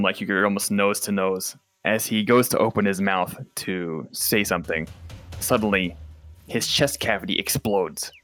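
A man with a very low, deep voice runs a tabletop game as game master. He describes scenes in vivid detail, with loose everyday fillers in his talk. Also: a bit bright.

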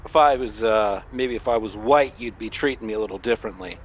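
A man's voice: fairly low pitch, a little fast, a little hiss or hum, lightly acted. A man playing a brash swearing gangbanger. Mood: indignant. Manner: swearing, indignant street slang. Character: brash young male street gangbanger.

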